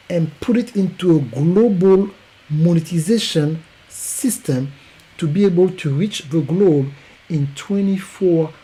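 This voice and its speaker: A man with a French accent giving an emphatic, repetitive promotional pitch as a podcast coach. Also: warm tone, husky, rough recording.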